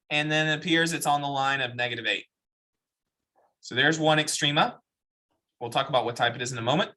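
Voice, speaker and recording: A man's voice: medium pitch, pushed and bright. A man teaching a math class, explaining step by step and asking the students questions. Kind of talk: classroom lecture.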